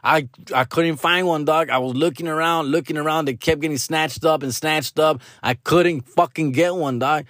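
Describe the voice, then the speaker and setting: A man's voice: a little high, moderate pace, few pauses, a bit bright, no echo, studio quality. A man telling a rambling, profane story in slangy English with Spanish mixed in.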